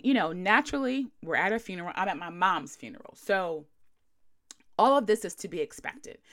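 A woman hosting a podcast, telling a story in a chatty, slangy way with lots of fillers and a blunt, wry edge. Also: medium pitch. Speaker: podcast host. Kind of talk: casual storytelling.

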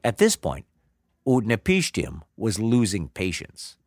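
Expressive male storyteller, dry close sound. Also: on the low side, a little slow, dry recording. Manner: expressive, dramatic. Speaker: narrator. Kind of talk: storytelling narration.

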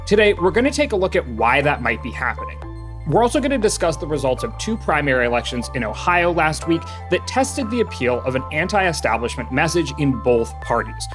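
A man hosting a politics podcast, reading his intro and joking with his co-hosts in a casual chat. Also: medium pitch. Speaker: podcast host.

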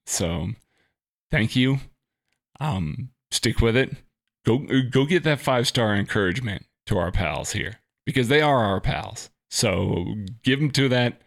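A man's voice: medium pitch, expressive, a little slow, vocal fry. A man co-hosting a podcast, talking casually and sincerely to listeners. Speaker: podcast co-host.

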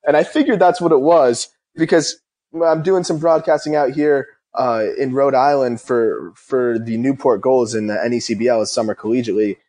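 A man's voice: mid-range voice, steady tone, moderate pace, a little mellow. A young man hosting a casual interview, talking eagerly and at length. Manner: eager, talkative. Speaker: host.

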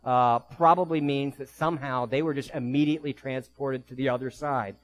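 A man preaching a sermon as pastor, telling vivid stories in quick bursts and slowing down to soft, quiet emphasis. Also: medium pitch, steady tone, rough recording.

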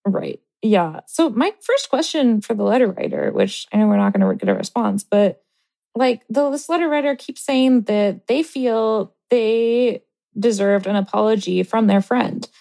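A woman co-hosting an advice chat, thoughtful and measured. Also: a little high, animated, creaky, warm tone. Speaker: co-host reading listener letters.

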